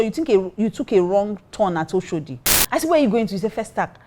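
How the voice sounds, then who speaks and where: Lively Nigerian woman telling a story. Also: medium pitch, fast talker, few pauses. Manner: lively, acts out quotes, mixes in Pidgin. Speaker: pastor, co-host. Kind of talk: casual storytelling chat.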